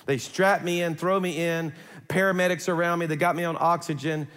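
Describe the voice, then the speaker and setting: Animated pastor telling a story in a big hall. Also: male voice, a little high, brisk, smooth. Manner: animated, conversational, acts out quotes. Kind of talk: sermon storytelling. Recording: long hall reverb.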